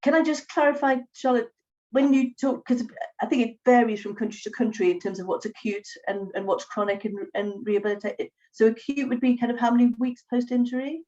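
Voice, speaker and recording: A woman, a psychologist hosting a webinar, speaking in a measured way with many pauses over a video call. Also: on the high side, steady tone, mellow. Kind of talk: professional discussion on a video call. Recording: distant, dull lo-fi call audio.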